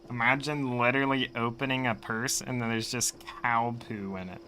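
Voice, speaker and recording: A man's voice: medium pitch, fairly even intonation, normal speed, sharp tone, a little hiss or hum, rough recording. A man streaming a game, chatting casually and rambling to a friend at a desk microphone. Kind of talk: casual gaming stream chat.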